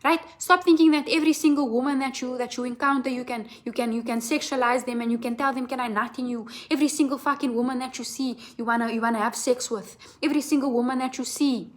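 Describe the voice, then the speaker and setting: A woman's voice: high voice, steady tone, quick pace, few pauses. A woman giving a tarot reading as a blunt, profane, impassioned rant, asking "right?" again and again. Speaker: tarot reader.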